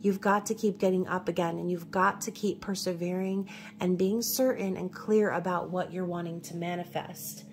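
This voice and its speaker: A woman from New York talks through a tarot reading in a relaxed, chatty way, pausing often to check in with her listeners. Her voice sits on the lower side, with a faint hum of room noise behind it. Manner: chatty, reassuring, frequent "okay?" check-ins. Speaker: tarot reader.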